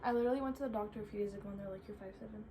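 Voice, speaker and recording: A woman's voice: mid-range voice, rapid-fire, mellow, a little hiss or hum. A young woman answering viewer questions in casual chat, chatty and full of "like" fillers. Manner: chatty, filler-heavy with frequent "like".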